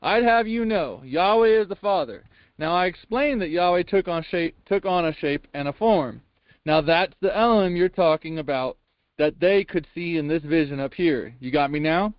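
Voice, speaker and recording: High-pitched male reader, emphatic and folksy, reading a sermon transcript over a muffled, dry call line. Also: normal speed, clean tone, no echo. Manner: emphatic, with frequent rhetorical questions; folksy double negatives. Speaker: Bible class reader.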